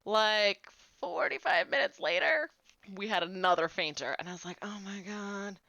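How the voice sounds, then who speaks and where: A woman's voice: lowish voice, very animated, moderate pace, pushed and bright, no room sound. A woman in her late twenties, a game streamer chatting casually with viewers and telling stories, full of "like". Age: 20s. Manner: chatty storyteller, fillers of "like".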